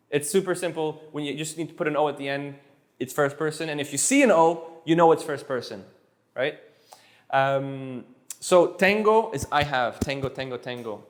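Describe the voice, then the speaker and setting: A man teaching Spanish to a live class in a playful, joking way, drilling words over and over and stumbling on restarts. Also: fairly high pitch.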